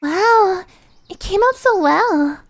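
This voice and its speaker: A woman's voice: very high voice, expressive, slow pace, dry recording, pitched above the performer's own voice, exaggerated voice. A woman voicing a cheerful, giggly young girl in a game, with a bubbly, laughing manner. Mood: bright.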